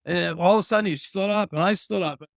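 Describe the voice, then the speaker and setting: A retired pro hockey player telling rambling, profane stories as a guest in a casual interview, chuckling along the way. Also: male voice, sits high, fast talker, vocal fry, dry recording, clean studio sound.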